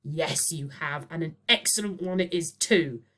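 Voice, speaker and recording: A woman voicing a loud, pompous male teacher who shouts his words out slowly. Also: deep voice. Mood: blustering. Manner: shouting, drawn-out.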